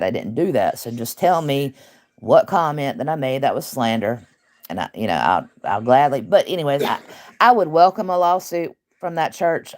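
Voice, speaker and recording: A woman's voice: rumbling low, darkish tone. A woman who hosts casual online commentary, talking bluntly and emphatically with laughs.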